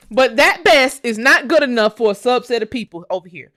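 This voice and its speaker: A woman's voice: a little high, animated, a little fast, few pauses, fairly bright tone, no echo. Fiery profane woman host, dry sound. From United States. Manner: profane, emphatic, repeating phrases. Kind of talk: heated live-stream rant.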